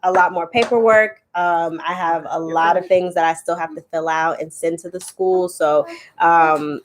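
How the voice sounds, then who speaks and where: A young woman co-hosting a family vlog, telling stories in a playful, animated way. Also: lowish voice, moderate pace, a little hiss or hum. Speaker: vlog co-host. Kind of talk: casual family chat.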